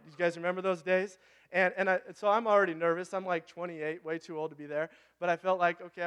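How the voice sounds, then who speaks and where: A man in his thirties with a Pacific Northwest American accent, preaching a conversational sermon and asking the congregation questions. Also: fairly high pitch. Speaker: pastor.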